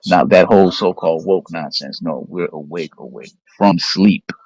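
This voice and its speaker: A man with a very low voice leads the talk with a preacher's cadence and calls the listeners family. He frames everything through scripture, and his voice sounds close and dry. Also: moderate pace, slightly rough, dry recording, highs cut off. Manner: steady, addresses listeners as family, scripture-minded. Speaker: discussion moderator and Bible teacher. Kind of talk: preaching-style group talk.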